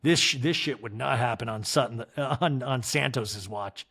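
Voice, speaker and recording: A man as a podcast host doing a comedic recap in a chatty, crude, animated way. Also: mid-range voice, moderate pace, husky.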